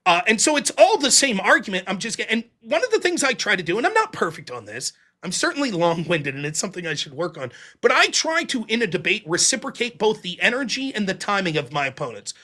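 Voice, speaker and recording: A middle-aged man from Pittsburgh talking in a loud, rapid, profane way as a guest in a casual conversation. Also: high-pitched, very animated. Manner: fast, loud, profane talker. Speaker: guest debater.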